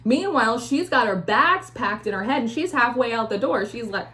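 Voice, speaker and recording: A woman's voice: a little high, big pitch swings, normal speed, few pauses, fairly bright tone, slight background noise. A young woman giving a casual intuitive tarot reading, rambling with many fillers and acting out quoted voices. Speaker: tarot reader.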